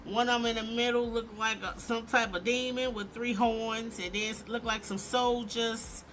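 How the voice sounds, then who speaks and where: Bright, emphatic woman vlog host. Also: a little high, moderate pace, slight background noise. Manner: animated, emphatic, sarcastic. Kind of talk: opinionated commentary.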